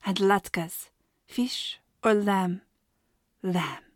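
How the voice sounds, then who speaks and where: A woman voicing a dreamy, food-obsessed female cafeteria chef with a breathy, lingering delivery. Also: mid-range voice, drawn-out words, no room sound, studio quality. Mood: musing.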